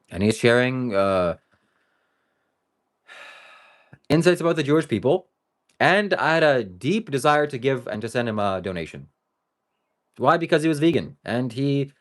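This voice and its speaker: A man live-streams to his viewers in a loose, rambling monologue. His pitch moves a lot and his tone swings between joking and earnest. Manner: talks straight to viewers. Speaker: livestreamer.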